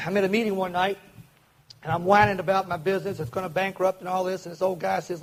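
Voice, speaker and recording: A man's voice: sits high, steady tone, poor audio. An older man from Kentucky, telling his recovery story to a meeting audience in an earnest way. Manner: earnest, acts out quoted voices, speeds up and slows down.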